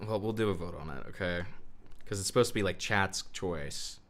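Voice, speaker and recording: A man with a lowish voice chats casually as the host of a live stream. He jokes with a co-host and repeats his points while he runs chat polls. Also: a little fast, a bit bright.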